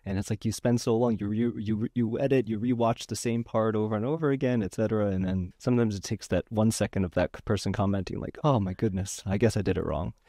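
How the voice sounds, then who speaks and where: A man's voice: on the low side, steady tone, fast talker, few pauses, dark tone, no room sound, clean studio sound. A young man as a podcast guest, talking in an earnest, easygoing way, laughing easily and often restarting his words. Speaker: guest, physical therapist and acupuncturist. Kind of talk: casual interview chat.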